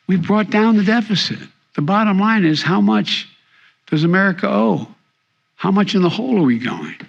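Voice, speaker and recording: A gravelly man politician answers questions, stumbling over words then pressing his points. The sound is dull and lo-fi, and his voice sits a little high for a man. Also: lively intonation. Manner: halting, stumbling, then emphatic.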